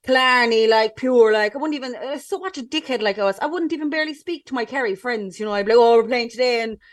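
A woman with a Cork Irish accent, co-hosting a podcast in casual, animated chat full of "like". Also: on the high side, fast, distant mic. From Ireland, Cork. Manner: chatty, animated storytelling with frequent "like". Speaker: podcast co-host.

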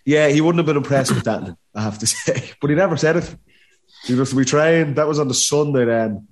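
A man's voice: a little high, fairly quick, slight background noise. A man in his thirties with a Dublin Irish accent, telling a casual story as a podcast guest, full of acted quotes and laughter. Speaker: podcast guest, former footballer.

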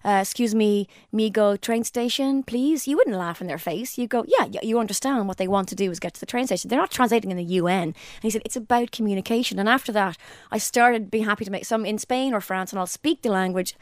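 A woman's voice: medium pitch, quick pace, few pauses, no echo, clean studio sound. Chatty Irish woman podcast host. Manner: chatty, animated storyteller. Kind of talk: casual chat.

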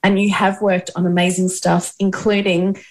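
A woman's voice: fairly low pitch, level tone, moderate pace. A woman interviewing a guest, eager and gushing in her questions.

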